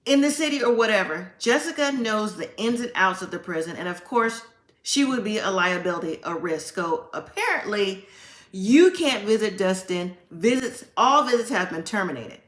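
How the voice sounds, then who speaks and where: A woman's voice: fairly high pitch, a bit bright, reverberant. A woman hosting a casual recap, retelling scenes in a chatty storytelling way and acting out the quotes. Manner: chatty storytelling, acts out quotes with "like" and "you know". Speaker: reality TV recap host.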